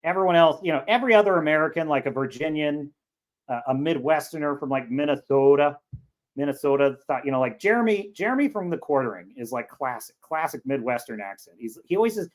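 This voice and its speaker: A man's voice: fairly high pitch, expressive, fast talker. A man from California with a Californian accent, hosting a casual livestream and joking his way through rambling commentary. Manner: rambling, joking, reads chat aloud. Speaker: livestream show host.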